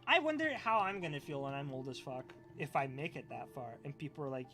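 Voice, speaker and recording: A man's voice: a little high, lively intonation, fast talker, hardly any pauses, bright, forceful tone, soft background music. A young man streaming live, reacting to clips in a profane, ranting, scoffing way.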